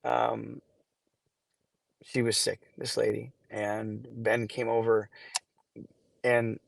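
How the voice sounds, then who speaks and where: A man in his forties, a charity founder being interviewed on a podcast, who tells stories haltingly and gets emotional, with many restarts. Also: lowish voice, little pitch movement, creaky. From Canada. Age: 40s.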